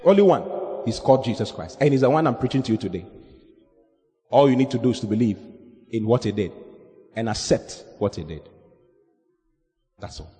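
A man preaching an evangelistic sermon, swinging from loud animated shouting to low, earnest scripture reading. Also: brisk, pauses often, long reverb tail, soft background music.

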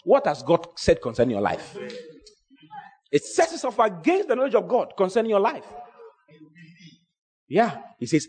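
A man preaching a sermon in an animated way, repeating phrases and breaking into shouts. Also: sits high, normal speed, long pauses, husky.

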